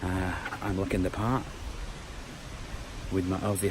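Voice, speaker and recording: A man chatting casually to a handheld camera as a travel vlogger, relaxed and full of fillers. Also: low voice, a little slow. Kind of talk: casual vlog narration. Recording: loud background noise.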